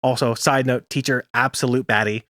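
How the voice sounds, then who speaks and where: Laughing often, a young man co-hosting a podcast talks casually through an anime episode recap. He speaks briskly at a medium pitch, with fairly even intonation and a fairly bright tone. The sound is clean studio quality, without echo.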